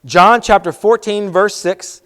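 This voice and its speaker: Youth pastor, male, high voice, casual sermon with repeated lines. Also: measured pace, a bit bright. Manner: conversational, repeats key lines, quotes with acted voices.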